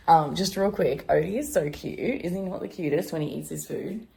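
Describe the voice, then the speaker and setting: A woman's voice: lowish voice, lively intonation, moderate pace, gravelly, dark tone. An Australian woman vlogging casually at home, telling a rambling story full of fillers. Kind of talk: casual chat vlog.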